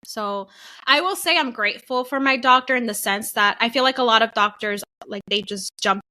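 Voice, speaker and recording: Bright-voiced woman telling a story. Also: on the high side, normal speed, low-quality recording. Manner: animated, acts out quoted voices, swears casually. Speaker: podcast co-host. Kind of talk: casual storytelling chat.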